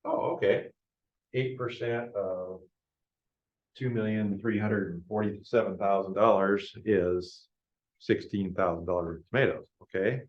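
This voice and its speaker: A man's voice: fairly low pitch, steady tone, a little slow. A man presenting a business planning workshop in a casual lecture style, often checking in with the group as he talks. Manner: conversational, keeps checking in with the group. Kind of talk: informal classroom lecture. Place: meeting room with a live audience. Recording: echoey lo-fi room recording.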